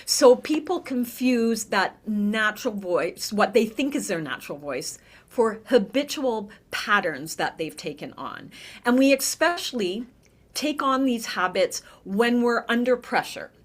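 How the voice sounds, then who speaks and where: Middle-aged woman, vocal coach guest; lively, demonstrative, conversational. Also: a little high, measured pace. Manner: animated, demonstrates voices, frequent "right?". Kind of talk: conversational podcast interview.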